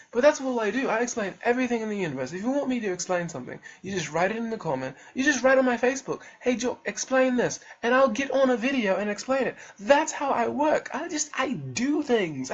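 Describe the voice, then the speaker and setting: Brief: young man, husky voice that swings high and low, rambling and boastful, dull lo-fi home-video sound. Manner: boastful, rambling, jokey, often slips into put-on voices. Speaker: self-published author promoting his book. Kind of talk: rambling self-promotional monologue.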